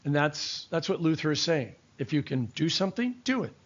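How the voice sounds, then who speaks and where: A man's voice: on the high side, sing-song, a little fast. Older male pastor teaching, dull audio. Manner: conversational preaching with personal stories. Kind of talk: verse-by-verse Bible teaching.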